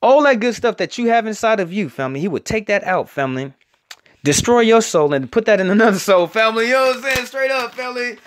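A high-voiced man preaches in a loose, rambling way. He ends almost every phrase with a call to his "family." He slows right down to draw out the words he wants to land. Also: expressive, slight background noise. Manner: repeats "family" after nearly every phrase, rambling and emphatic; drags out key words slowly for emphasis. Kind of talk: casual preaching to an online audience.

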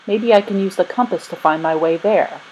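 A woman's voice: lowish voice, a little fast, a little mellow, slight background noise, natural voice, poor audio. A woman voicing an eager young boy lost in the city, in a storybook reading. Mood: curious. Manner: earnest, curious.

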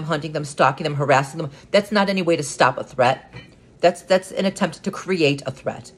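A man giving an earnest solo monologue as a vlogger, often stumbling and repeating words as he restarts his sentences, and getting more emphatic as he goes on. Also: a little high.

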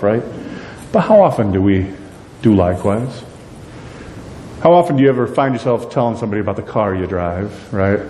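A middle-aged pastor preaches with an animated, joking delivery and quizzes his listeners. His voice is mellow, not bright. It rings through a large church hall with a long reverb and a faint rumble underneath. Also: brisk, long pauses. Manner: animated, acts out characters in quotes; jokey, asks the congregation questions. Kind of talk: sermon. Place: church sanctuary.

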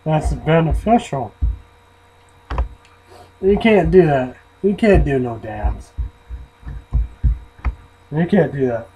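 A man's voice: a little high, lively intonation, slow, long pauses, dark tone, a little hiss or hum, poor audio. A man rambling and swearing in a casual vlog, often trailing off into mumbles. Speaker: vlogger reviewing an energy drink.

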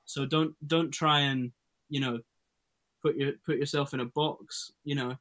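A man speaks earnestly as a musician guest and offers advice with a few fillers. His voice sits at a middle pitch. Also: steady tone, a little slow, fairly bright tone. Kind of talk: casual panel chat.

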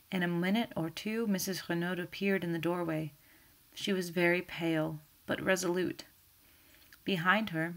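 A woman with a low, gravelly voice reads a chapter aloud in even narration. She then breaks off to explain it in a relaxed, teacherly way. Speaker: reader and teacher.

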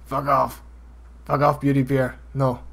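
A man's voice: medium pitch, little pitch movement, unhurried, creaky, fairly bright tone. A man hosting a casual gaming podcast, laughing often and bursting into exclamations. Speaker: podcast host.

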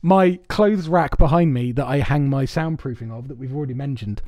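A man's voice: medium pitch, moderate pace, dark tone, no room sound, studio quality. A man co-hosting a podcast in casual chat, telling rambling stories with lots of laughs and swearing, from a soundproofed home setup. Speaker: podcast co-host. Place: home recording space with soundproofing.

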